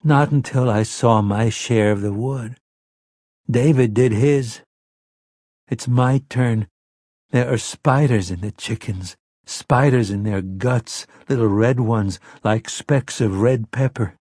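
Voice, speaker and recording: In this audiobook character voice, a man plays a hypnotized grown man reduced to a frightened seven-year-old, raised and small, moving from dazed to small, shaky and childlike. His medium-pitched voice is slow and a little mellow, recorded cleanly in a studio with no echo.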